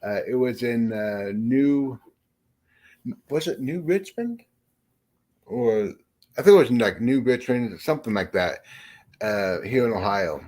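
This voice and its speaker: A man's voice: medium pitch, expressive, measured pace, long pauses, a little mellow. A man chatting casually, rambling with many fillers and frequent swearing. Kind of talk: casual chat.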